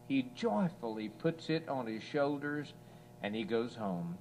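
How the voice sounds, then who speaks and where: A man preaching an evening sermon to a church assembly, slow and earnest, rising in force on scripture quotes. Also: medium pitch, animated, a little mellow, faint music behind.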